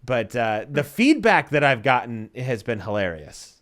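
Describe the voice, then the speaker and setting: Male podcast co-host, lively pitch, animated storyteller who acts out the people he quotes. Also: a little slow. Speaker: podcast co-host and voiceover artist. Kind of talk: casual podcast chat.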